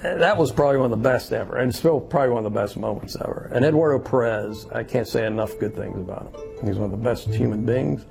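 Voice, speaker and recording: A man from Louisiana tells his story with a gravelly edge to his voice, animated as he acts out what other people said. Music plays steadily behind him. He speaks as a guest, a baseball bat maker. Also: medium pitch, quick pace. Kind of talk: storytelling interview.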